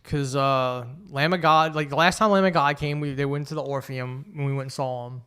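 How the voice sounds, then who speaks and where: A man's voice: mid-range voice, steady tone, fairly quick, sharp tone, smooth. A man co-hosting a podcast, chatting casually with frequent restarts and swearing. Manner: rambling, self-correcting, profane. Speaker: podcast co-host. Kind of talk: casual chat.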